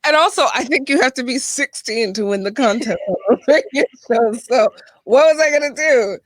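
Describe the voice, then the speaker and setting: A young woman co-hosting a casual podcast. She tells funny stories from her past and acts out the voices, swearing and laughing as she goes. Her voice sits fairly high and sounds dry and close to the mic. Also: animated, brisk, dry recording. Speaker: podcast co-host. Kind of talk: casual chat, animated storytelling.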